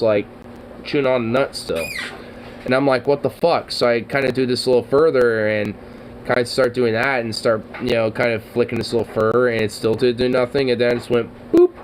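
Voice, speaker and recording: A man chatting casually as a streamer, rambling, swearing often and getting excited, with lots of fillers. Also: medium pitch, a little hiss or hum, rough recording. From Oregon, US. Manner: profane, excitable, trailing off with fillers.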